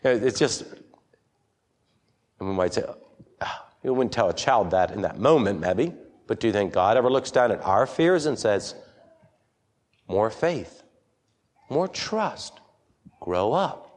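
A man's voice: lowish voice, expressive, normal speed, long pauses. A man preaching an interactive sermon to a congregation, asking them questions and reading scripture aloud. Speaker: pastor.

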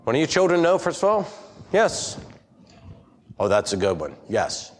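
Guy preaching in church, pitch jumping all over, keeps asking the crowd questions. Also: normal speed. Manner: questioning the congregation, lively. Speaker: pastor. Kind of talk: interactive sermon.

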